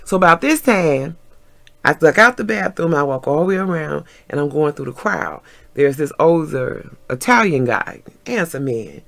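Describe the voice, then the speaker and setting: Lively storytelling woman with a gravelly voice. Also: deep voice, normal speed. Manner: lively storyteller acting out quotes, laughing often. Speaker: vlogger. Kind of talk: animated storytime.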